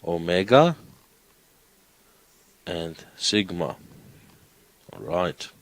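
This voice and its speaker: A man's voice: deep voice, lively intonation, drawn-out words, low-quality recording. A man teaching a Greek class, coaxing students with questions. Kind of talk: classroom lecture.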